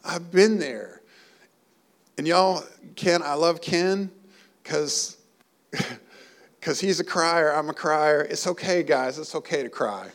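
Guy preaching, gravelly voice, pretty high pitched, gets emotional and builds up. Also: slow pace, pauses often. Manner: earnest, emotional preaching with rising emphasis. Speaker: pastor. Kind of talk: sermon.

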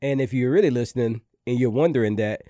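A man's voice: medium pitch, fast, no echo, clean studio sound. A man co-hosting a podcast in casual chat, easygoing and joking, sounding congested from allergies. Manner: easygoing, joking, animated storyteller. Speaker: podcast co-host.

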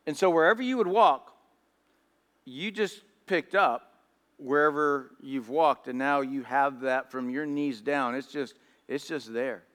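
A man's voice: mid-range voice, measured pace, a bit bright. A man preaching a sermon in storytelling style, often repeating words as he goes. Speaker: pastor. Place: church hall. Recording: echoey church hall.

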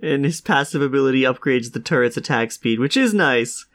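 A man's voice: mid-range voice, animated, brisk, a bit bright. Dry-humored man, sick with a cough. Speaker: podcast co-host. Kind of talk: casual podcast chat.

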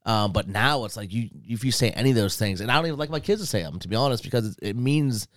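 A man, a father, chatting casually with friends in a relaxed, animated way, laughing often and leaning on "like" as a filler. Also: on the low side, quick pace, no echo, studio quality. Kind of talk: casual chat.

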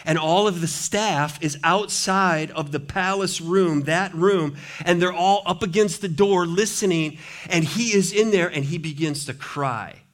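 Man preaching, hushed then rising. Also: sits high, unhurried. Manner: dramatic scripture reading with big swings between hushed and loud. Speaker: pastor. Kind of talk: sermon.

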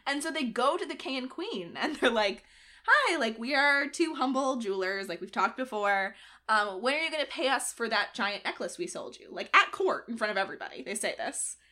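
A young woman with a bright, high-set voice hosts a podcast. She tells a history story in a loose, chatty way and acts out everyone's lines. Her delivery is lively and amused. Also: brisk. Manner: animated retelling with acted-out quotes and frequent laughs. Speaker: podcast co-host. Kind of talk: casual storytelling chat.

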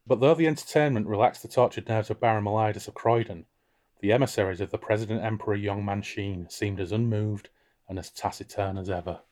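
Co-hosting a book podcast, a man with a lowish, brisk voice reads passages from a novel aloud and chats about them casually. He reads expressively, raising his voice for quoted characters.

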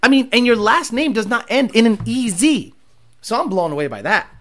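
A man's voice: big pitch swings, moderate pace. A man hosting a car channel, ranting at viewer comments in a mocking, profane way. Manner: mocking, profane, swings between low mutters and loud jabs.

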